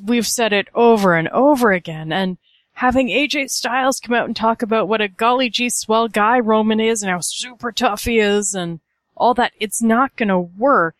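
A woman's voice: fairly high pitch, no echo. Wry woman co-host in a dry room. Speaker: podcast co-host. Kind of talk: casual chat.

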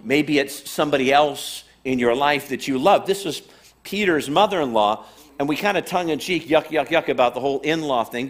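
High-voiced man preaching a sermon. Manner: conversational, emphatic, repeats phrases for build-up. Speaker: pastor.

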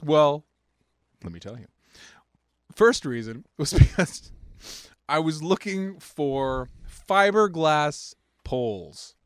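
A man co-hosting a casual podcast, joking around and laughing through his stories. His voice sits a little high and swings widely in pitch. The sound is dry and close. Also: animated, slow, smooth, no echo. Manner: joking, goofy, laughs often. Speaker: podcast co-host. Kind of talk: casual chat.

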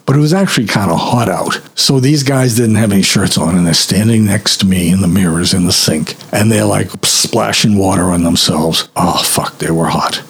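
Husky-voiced man telling a story. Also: low-pitched, moderate pace, hardly any pauses. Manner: rambling, self-mocking, acts out quoted voices. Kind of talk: personal anecdote told casually.

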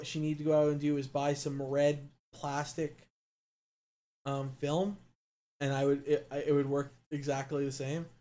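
A young man chats casually with a blunt, profane edge. His voice sits a bit high. He gets emphatic when he likes something. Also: dark tone. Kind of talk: casual chat.

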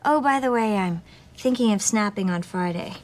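A woman's voice: medium pitch, moderate pace, a little mellow, close to an everyday voice. An actress playing a sarcastic young woman who mockingly imitates a brooding man in a TV drama. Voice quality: mocking, sing-song delivery. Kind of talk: TV drama acting.

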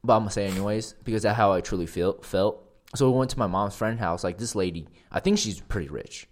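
A young man in casual chat, animated and playful, laughing often. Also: fairly low pitch, fast talker. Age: young adult.

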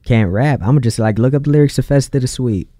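A man's voice: medium pitch, mellow, no room sound. A man hosting a casual interview, easygoing and affirming. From United States. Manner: easygoing, affirming, quick to agree. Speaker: interview host.

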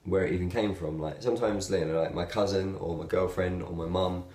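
A young man with a low, deep voice chats to his viewers in a relaxed, rambling way, full of "um"s and little laughs. He is recorded in a noticeably echoey room. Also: fairly quick. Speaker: video blogger. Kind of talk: casual talk to camera.

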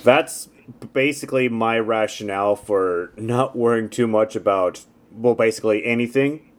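A man's voice: on the low side, normal speed. A man co-hosting a podcast in casual chat, answering with short, dry, wry remarks. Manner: dry, wry, brief responder. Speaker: podcast co-host.

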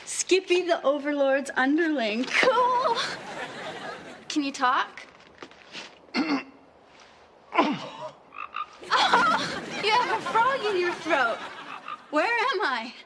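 A woman's voice: extremely high pitch, big pitch swings, extremely slow, long pauses, heavy background noise, full character voice. An actress playing a curious teenage girl who asks amazed questions in a strange new place, in a sitcom clip. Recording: TV soundtrack with music behind.

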